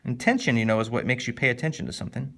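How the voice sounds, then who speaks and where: A man teaching a casual, animated literature lesson, jumping up in pitch to stress points and slowing down to read poem lines. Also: vocal fry. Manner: animated, conversational, with sudden lifts in pitch for emphasis; reads poem lines slowly and deliberately.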